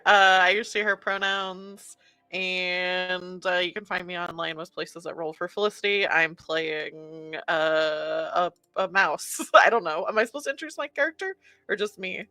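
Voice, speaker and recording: A woman's voice: fairly low pitch, pushed and bright, no echo. A woman introducing herself as a player on a stream, chatty and giggly. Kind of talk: casual livestream chat.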